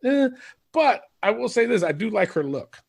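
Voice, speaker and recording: High-pitched gravelly guy rambling on a podcast, cusses a lot. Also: very animated, moderate pace, darkish tone. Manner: rambling, swears freely, laughs often. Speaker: podcast co-host. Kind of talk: casual chat.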